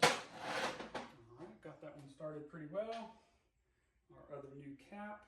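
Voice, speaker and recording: A man's voice: fairly high pitch, lively intonation, slow pace, reverberant, recorded from a distance, very noisy. A man hosting a DIY car repair video in his garage, talking casually and joking as he explains each step aloud. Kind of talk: casual how-to narration while working. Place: home garage.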